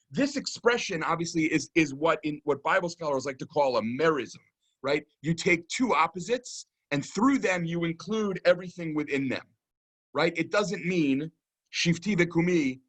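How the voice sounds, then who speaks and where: A man gives a Torah lecture, his voice sitting a little higher than most men's. He explains a psalm patiently, pauses to think and keeps asking his listeners "right?". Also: a bit bright. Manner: thoughtful, explanatory, many "um"s and "right?" checks. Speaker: rabbi teaching a keynote lecture.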